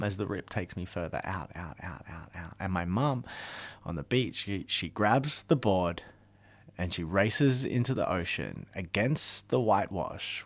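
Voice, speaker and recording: A man, performing a theatrical stage story that swings from loud to hushed. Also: low voice, creaky, no echo. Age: 30s. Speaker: comedic performer.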